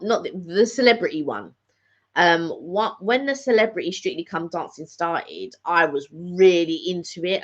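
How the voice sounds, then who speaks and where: A middle-aged woman talks casually in a live vlog catch-up, rambling and repeating phrases as she goes. Her voice sits fairly low. The recording is dull and lo-fi. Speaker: vlogger hosting a live catch-up. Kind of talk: casual chat.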